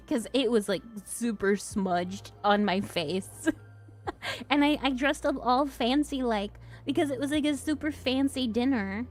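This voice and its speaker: Young woman streamer, kinda high voice, giggles a lot, faint music behind. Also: a little slow. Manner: giggly, laughs often, chatty. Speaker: streamer host. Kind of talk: casual chat with viewers.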